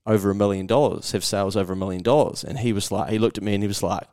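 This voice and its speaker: A podcast host with a New Zealand accent tells travel stories in casual chat, acting out what people said and frequently using "mate" and fillers. He talks very fast in a fairly low, darkish voice with fairly even intonation, and the sound is clean studio quality with no room sound.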